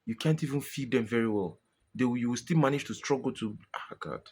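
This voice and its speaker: A man's voice: medium pitch, brisk, darkish tone, a little hiss or hum. A Nigerian man venting in a frustrated personal monologue to his viewers, exasperated and pleading, often repeating himself. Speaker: vlogger.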